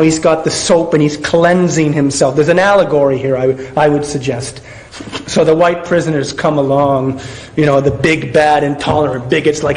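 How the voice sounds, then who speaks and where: A man delivers a sarcastic running commentary on a film, often stumbling and restarting mid-sentence. His voice sits high for a man. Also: a little mellow, poor audio.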